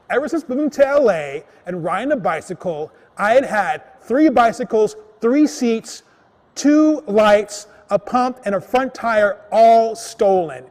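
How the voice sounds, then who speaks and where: A man telling a comic personal story on a live stage, animated and shouting when he acts out his anger. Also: sits high, long reverb tail.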